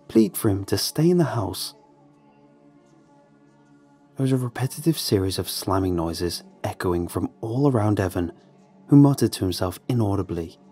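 Dark, husky man narrating horror. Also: fairly low pitch. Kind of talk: scripted horror story narration.

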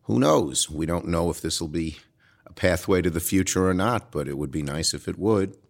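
Older Brooklyn man, very deep, blunt and emphatic in interview. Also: normal speed, vocal fry. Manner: direct, emphatic storytelling with quoted dialogue. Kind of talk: relaxed interview answers.

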